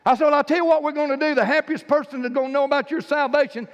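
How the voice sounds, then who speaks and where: A man preaches in a church sanctuary with a very high-pitched voice, telling his stories with rising, fervent emphasis. A long hall reverb trails behind every phrase. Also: fairly even intonation, very fast, lo-fi sound. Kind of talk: sermon.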